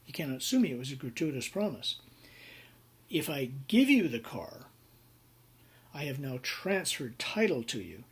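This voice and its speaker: Husky guy lecturing on business law, chatty, lots of ums, acts out little scenes. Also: medium pitch, big pitch swings, measured pace, pauses often, a bit bright. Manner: conversational with frequent fillers and role-played examples. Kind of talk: university lecture.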